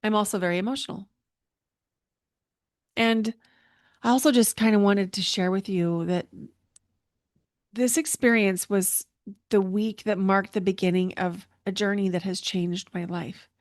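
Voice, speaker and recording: Middle-aged lady podcast host, emotional and earnest, dry close sound, mid pitch. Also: steady tone, measured pace, long pauses, dry recording. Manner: emotional, earnest, repeats herself for emphasis. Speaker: podcast host and intuitive coach. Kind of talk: personal reflective monologue.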